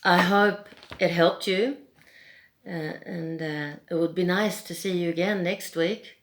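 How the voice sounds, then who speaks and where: Slow, soft-spoken Swedish woman. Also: lowish voice, fairly even intonation. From Sweden. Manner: soft-spoken, gentle, chuckles between remarks. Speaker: tarot reader. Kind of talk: casual tarot reading.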